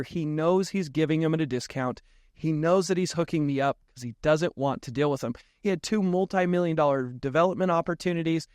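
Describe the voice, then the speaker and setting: A man telling a personal story as a podcast guest in a casual interview, lively and laughing often as he acts out the dialogue. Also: a little high, fairly quick, dry recording, studio quality. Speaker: podcast guest, real estate investor.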